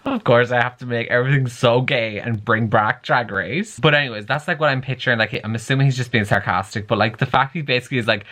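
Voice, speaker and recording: A man's voice: mid-range voice, fast, hardly any pauses, sharp tone. Chatty campy young man vlogging books. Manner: chatty and campy, reads lines aloud with sassy asides. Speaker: book vlogger. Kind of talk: casual reading-reaction vlog.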